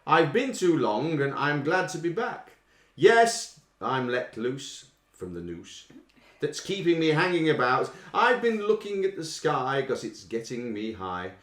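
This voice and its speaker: A man hosting a casual live quiz from home, reading song lyrics aloud in a playful, drawn-out way. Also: fairly high pitch, big pitch swings, a bit bright, roomy sound. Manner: playful, reads lyrics with exaggerated drawn-out delivery. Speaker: quiz host.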